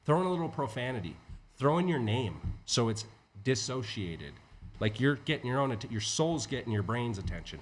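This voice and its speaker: Animated profane man coaching. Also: mid-range voice, a little fast. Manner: animated, profane, acts out inner voices. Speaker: podcast guest, entrepreneur and coach. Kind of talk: conversational teaching.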